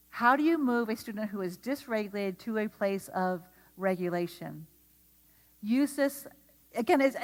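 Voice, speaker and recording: A woman with a fairly high voice leads a lively workshop for teachers and keeps putting questions to the room. Her voice carries a long reverb from the lecture hall around her. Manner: animated, asks the audience questions. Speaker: speaker at an educator training.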